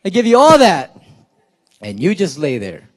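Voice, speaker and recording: Young male spoken word poet, high voice, animated crowd-hyping host energy, loose filler-heavy banter. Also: a little slow. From South Florida.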